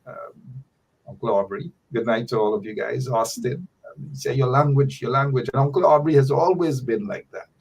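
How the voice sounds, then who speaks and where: A man's voice: medium pitch, moderate pace, vocal fry, darkish tone, slightly rough, distant mic, rough recording. A man hosting a talk show, telling stories in a playful, chatty way. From Guyana. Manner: storytelling, playful. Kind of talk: casual talk show chat.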